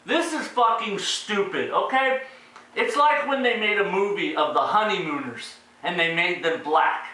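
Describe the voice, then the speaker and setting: Sarcastic high-voiced man ranting, echoey room. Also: normal speed, bright, forceful tone. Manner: sarcastic, profane, exasperated. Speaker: retro movie reviewer. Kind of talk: casual ranting review. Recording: very echoey room, distant mic.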